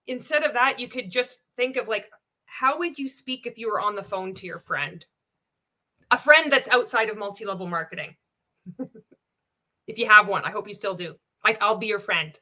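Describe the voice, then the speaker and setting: Bright-voiced sarcastic woman vlogger. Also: mid-range voice, normal speed. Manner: sarcastic, laughing often, swearing. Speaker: anti-MLM reaction vlogger. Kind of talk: casual reaction commentary.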